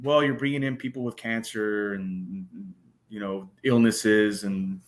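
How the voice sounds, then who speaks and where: A man talking casually as a guest on a podcast, excited and profane, with frequent stumbling restarts. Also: lowish voice, a little slow. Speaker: guest panelist.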